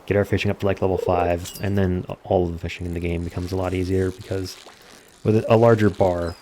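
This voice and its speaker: Low-voiced man explaining a game. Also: a little fast, slight background noise. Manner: relaxed, explains mechanics step by step. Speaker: gameplay commentator. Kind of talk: casual let's-play commentary.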